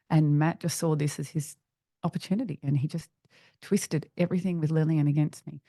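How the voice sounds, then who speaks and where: A middle-aged woman, a podcast guest, telling a personal story in an earnest, halting way with frequent restarts. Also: sits low, steady tone, mellow, no echo, clean studio sound.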